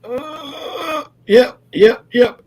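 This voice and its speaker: A man's voice: very high voice, extremely slow, a little mellow, husky. A man chatting on a livestream video call, joking and messing with the others. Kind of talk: casual livestream chat.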